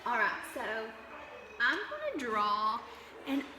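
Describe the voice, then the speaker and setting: A woman's voice: fairly high pitch, huge pitch swings, slow, long reverb tail, noisy background. A woman teaching young children phonics, drawing out vowel sounds in a sing-song, coaxing way. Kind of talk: early-years phonics lesson.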